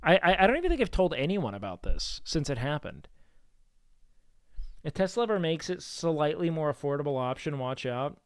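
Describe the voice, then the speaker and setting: A man's voice: on the high side, sing-song, normal speed, clear, resonant tone, no echo. A young man chatting casually on a live stream, rambling and swearing with lots of fillers.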